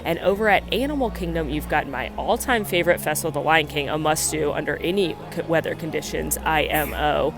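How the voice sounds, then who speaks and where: A woman's voice: low-pitched, brisk, hardly any pauses, over music. A woman vlogging in a chatty, enthusiastic way, giving tips. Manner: chatty, enthusiastic, many fillers. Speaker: theme park vlogger. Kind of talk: casual chat.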